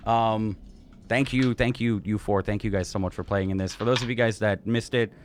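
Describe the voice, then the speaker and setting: A young man in casual chat as dungeon master, narrating a tabletop game in a halting, laid-back way with many fillers. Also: fairly low pitch, steady tone.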